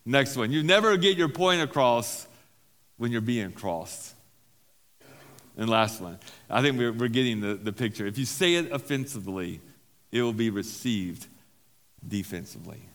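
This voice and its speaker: The man speaks at normal speed with a mid-range, somewhat bright voice and lively intonation, and he sounds like he's in a large hall. As a pastor at a recovery-group meeting in a church hall, he preaches informally, repeating key phrases and making self-deprecating asides.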